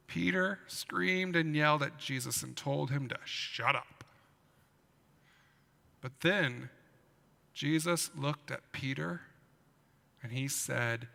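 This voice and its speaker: A man, a pastor, giving an animated children's sermon in a church and asking his listeners questions as he tells the story. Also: medium pitch, slow, vocal fry, pauses often, big-room sound. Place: church sanctuary.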